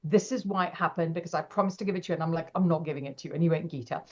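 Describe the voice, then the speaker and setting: Brief: woman, middle-aged, expressive storyteller, slightly low pitch, muffled remote audio. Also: rapid-fire. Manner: animated, acts out quoted voices, laughs often. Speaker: podcast guest. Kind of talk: casual interview storytelling.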